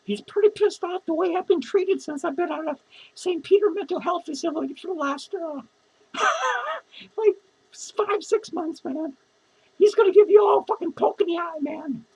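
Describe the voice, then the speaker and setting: A woman's voice: extremely high pitch, normal speed, darkish tone, poor audio. A woman playing a drunk, lonely, foul-mouthed female clown who rambles and swears in a rambling character vlog. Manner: rambling, profane, giggly.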